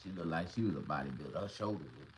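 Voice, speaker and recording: A man vlogging to camera, telling a comedic story in a profane, boastful, animated way. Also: a bass voice, very fast, a little hiss or hum, low-quality recording.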